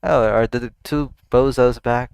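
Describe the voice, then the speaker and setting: A man's voice: mid-range voice, steady tone, a little slow, vocal fry, a little mellow, clear, resonant tone, no echo. A man hosting an anime reaction, talking casually to the screen and blurting out startled exclamations and swearing.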